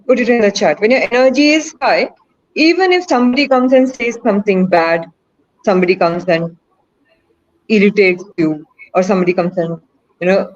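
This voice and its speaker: A woman's voice: mid-range voice, highs cut off. A woman leading an online session, asking the audience questions and praising their answers. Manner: asks the audience questions, coaxing and encouraging. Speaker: webinar presenter. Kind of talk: interactive online teaching talk.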